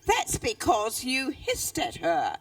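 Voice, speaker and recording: Storybook lizard, male, kind but stern, read by a New woman; slow, dry distant sound. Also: on the high side, wildly swooping pitch, dry recording, heavily acted. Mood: chiding. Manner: gently reproachful storybook reading. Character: sensible kindly male lizard, patient and scolding.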